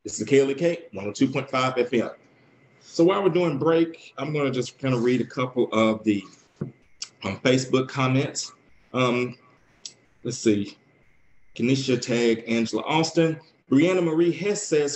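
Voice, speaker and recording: A man hosting a radio talk show, soft-spoken, reading listener comments aloud. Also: mid-range voice, moderate pace, slight background noise, poor audio. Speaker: radio host.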